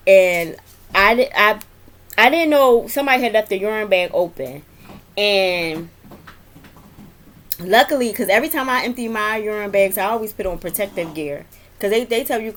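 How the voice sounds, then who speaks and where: A woman's voice: medium pitch, a little hiss or hum. A young adult woman, a nurse, telling work stories in a casual, rambling vlog with many fillers and laughs. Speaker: vlogger, nurse.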